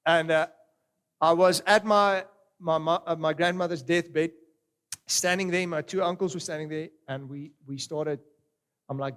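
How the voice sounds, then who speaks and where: A middle-aged man preaching a sermon, animated and swinging between loud exclamations and quiet storytelling. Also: a little high, moderate pace. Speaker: pastor.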